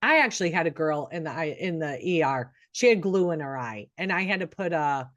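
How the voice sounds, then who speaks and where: A woman's voice: sits low, expressive, brisk, dry recording. Earnest middle-aged woman, dry close sound. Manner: earnest, encouraging, many restarts. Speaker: nurse and co-host. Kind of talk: casual podcast chat.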